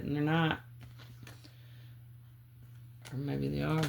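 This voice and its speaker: A woman giving a channeled psychic reading, calling on spirit and muttering names and clues in halting bits. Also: deep voice, gravelly, darkish tone, slight background noise. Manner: halting, muttering free association. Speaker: psychic reader.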